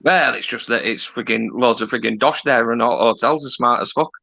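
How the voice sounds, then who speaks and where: A gravelly man calls in on his phone as a guest, blunt and slangy. His voice is bright and tense, and the line sounds dull and lo-fi. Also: mid-range voice, fairly quick, no room sound. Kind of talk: casual chat.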